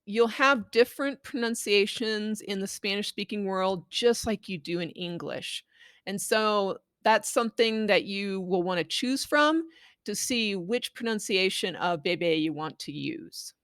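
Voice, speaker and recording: A woman educator giving clear, patient instructions on how to read a picture book aloud to a child. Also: mid-range voice, expressive, a little slow, a bit bright, no room sound, studio quality. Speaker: Spanish language educator. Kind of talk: instructional talk on reading aloud.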